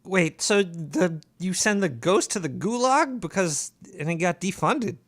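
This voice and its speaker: Man, paranoid cartoon rat host, high pitched, stumbling, rambling, dry sound. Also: expressive, a little slow, fairly bright tone, dry recording. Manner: rambling, stammers and restarts while reading emails. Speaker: host of a call-in comedy radio show. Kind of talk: comedic call-in radio show.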